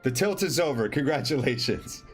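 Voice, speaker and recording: A man's voice: medium pitch, lively intonation, moderate pace. A man hosting a live online trivia show in a loose, joking way, teasing teams and handing out points, with faint music behind him. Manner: jokey, loose, teasing players by team name. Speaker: trivia quiz host. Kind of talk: casual live quiz hosting.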